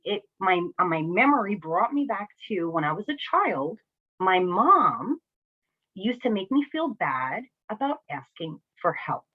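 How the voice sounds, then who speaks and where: Speaking in a lowish, husky voice, this New Jersey single mom candidly works through her personal experiences for a reflective vlog. She keeps tossing in "right?" and "you know?", and the recording has a thin, phone-like quality.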